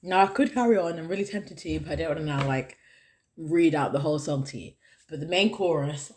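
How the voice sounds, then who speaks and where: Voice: mid-range voice, fairly quick, slight background noise. A podcast host talking alone, earnest and encouraging, who keeps repeating the key phrases to stress a point. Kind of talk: solo podcast monologue.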